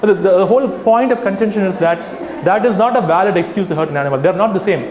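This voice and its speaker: A man, an animal rights activist, giving an animated talk to a live audience and addressing them directly. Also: high-pitched, quick pace, slight background noise. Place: hall with an audience. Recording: echoey hall, faint ambience.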